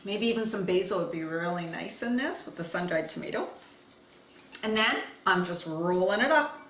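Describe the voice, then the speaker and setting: A woman's voice: lowish voice, expressive, normal speed, fairly bright tone, slight background noise. A woman giving a casual cooking demo at home, chatty and laughing as she talks and eats. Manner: chatty, laughs while talking and eating. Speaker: cooking vlogger. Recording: echoey room, faint ambience.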